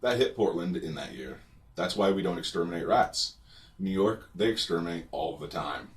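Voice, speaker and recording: A man voicing an excitable immigrant gyro vendor with a heavy Italian accent and broken English, recorded a bit away from the mic. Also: sits low, moderate pace. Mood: excited. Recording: distant from the mic.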